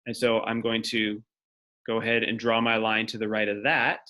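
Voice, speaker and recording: This man's medium-pitched voice has a fairly bright tone and a slightly quick pace. As a teacher in a classroom lecture, he works through the material step by step, thinking aloud at the board.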